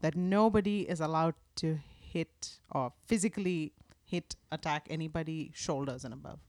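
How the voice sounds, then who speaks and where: A woman's voice: sits low, moderate pace, a little mellow, no echo, clean studio sound. A young woman from India, chatting casually as an interview guest, laughing easily and poking fun at herself. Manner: chatty, laughs often, self-deprecating.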